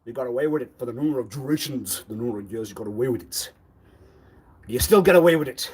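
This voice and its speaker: A man's voice: mid-range voice, fast talker, a little mellow, slightly rough. A man on a live stream, talking in an insistent, repetitive way and firing accusing, demanding questions. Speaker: livestreamer.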